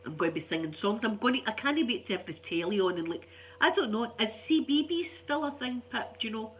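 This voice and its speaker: A woman's voice: fairly high pitch, animated, fast talker, a little hiss or hum. An older Scottish woman chatting casually to viewers, rambling and laughing often, sounding stuffy and unwell. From Scotland. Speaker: ASMR channel host.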